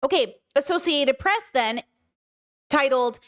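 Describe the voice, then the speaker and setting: Blunt, high-voiced woman commentator. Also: expressive, slow pace. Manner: blunt, profane, emphatic. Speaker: commentary video host. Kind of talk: reaction commentary.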